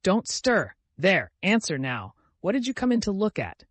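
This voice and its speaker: A man voicing a furious, shouting gentleman. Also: fairly high pitch, expressive, moderate pace, dry recording. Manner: shouting, agitated, repeating himself. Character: furious, humiliated man shouting at his servant.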